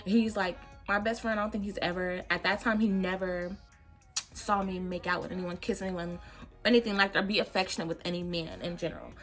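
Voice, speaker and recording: A young woman talks straight to the camera while she does her makeup. She tells a story in a loose, animated way, full of laughs and profanity. Soft music plays quietly behind her. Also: on the low side, fairly quick. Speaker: beauty vlogger.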